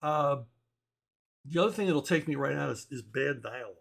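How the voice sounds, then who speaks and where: A man's voice: on the high side, lively intonation, moderate pace, gravelly. A man who writes comic books, chatting casually and answering viewer questions in a rambling, blunt and wry way, chuckling often. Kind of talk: casual opinionated chat.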